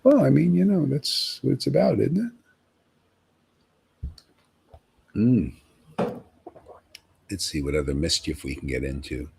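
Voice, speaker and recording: A man preaching on a livestream in an emphatic, animated way, often tossing in "man.". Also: mid-range voice, a little slow, vocal fry, pauses often, noisy background. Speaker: spiritual teacher.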